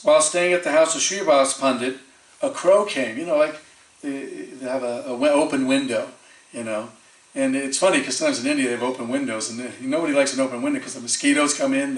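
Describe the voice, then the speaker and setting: A man giving a storytelling sermon as a preacher, lively, acting out the quoted voices of the people in his story and chuckling often. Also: mid-range voice. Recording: echoey temple hall from far off.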